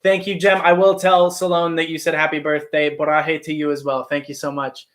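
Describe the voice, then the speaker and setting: A man's voice: a little high, little pitch movement, brisk. Chatty self-deprecating man streamer. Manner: chatty, self-deprecating, reads and answers chat. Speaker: actor and streamer. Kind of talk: casual livestream chat.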